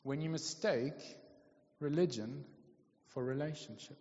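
A man's voice: on the high side, a little slow, mellow. A man preaching a sermon in a conversational way, often checking in with his listeners. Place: church hall. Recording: lo-fi, echoey hall.

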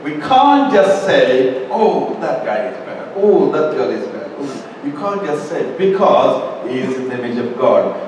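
A man preaching a sermon, slow and emphatic, acting out quotes in a raised voice. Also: medium pitch, sing-song, a little mellow, slight background noise. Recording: echoey hall, mic far off, faint ambience.

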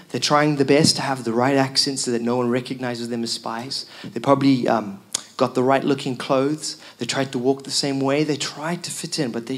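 A man preaching a sermon as pastor, telling the story with emphatic repeated lines. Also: medium pitch.

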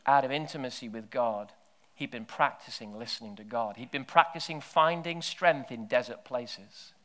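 A man preaching, his voice bright and forward. He tells stories, sinking into hushed near-whispers and then rising to loud shouted bursts. His pitch sits in the middle range. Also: normal speed. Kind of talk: sermon with storytelling.

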